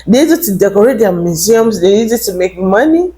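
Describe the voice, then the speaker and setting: A woman's voice: mid-range voice, expressive, fairly quick, dark tone. A woman vlogger talking to camera in an opinionated rant, emphatic and indignant, repeating her points.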